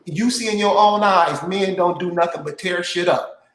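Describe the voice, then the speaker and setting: A man's voice: high-pitched, moderate pace, fairly bright tone, slight background noise. Man host in an echoey room. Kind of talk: casual interview talk.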